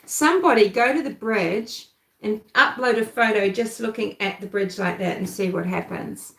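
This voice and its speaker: A woman from New Zealand with a softened New Zealand accent, hosting a casual true-crime livestream and chatting with viewers. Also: mid-range voice, moderate pace, gravelly, echoey room, low-quality recording. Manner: chatty, thinks aloud, answers live chat. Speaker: livestream host.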